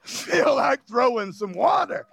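A male pastor preaching a fiery revival sermon, often shouting with emotional cries and joking with the congregation in casual, informal grammar. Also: very high voice, very animated, slow, gravelly, background noise. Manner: jokes and laughs with the congregation.

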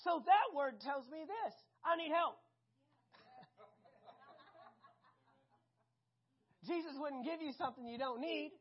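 A woman preaching a sermon, animated and conversational, often asking the congregation questions. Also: sits high, brisk, hardly any pauses, muffled recording.

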